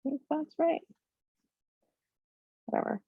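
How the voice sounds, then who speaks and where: A woman's voice: unhurried, dry recording, narrow, tinny audio. A woman teaching a live coding class, thinking aloud with many fillers and talking bluntly about clients. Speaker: coding bootcamp instructor.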